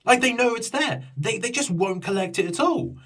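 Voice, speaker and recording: A man tells a story in a loose, exasperated vlog rant, full of restarts and swearing. His voice is husky and swings widely in pitch as he gets worked up. He sounds a touch distant from the microphone. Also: lively intonation, normal speed, fairly bright tone. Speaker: YouTuber telling a story.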